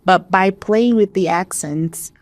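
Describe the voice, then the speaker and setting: A woman's voice: mid-range voice, slow, a little mellow, no room sound. A Brazilian woman who is an English teacher, whose first language is Portuguese, explaining her ideas thoughtfully in a casual podcast conversation, speaking English with a Brazilian accent.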